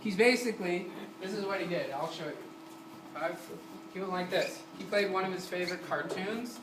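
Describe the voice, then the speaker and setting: A man with a high-pitched voice, talking a little fast, teaches music to a class in a community center room. He's energetic, keeps quizzing students, and sings short syllables to demonstrate, all recorded on a distant mic with roomy room noise.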